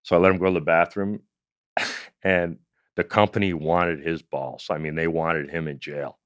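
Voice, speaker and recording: Guesting on an interview, a middle-aged comedian and former investigator from Canada animatedly spins a profane story, performing the quotes. He speaks low and smooth at a moderate pace, in a dry, studio-quality recording.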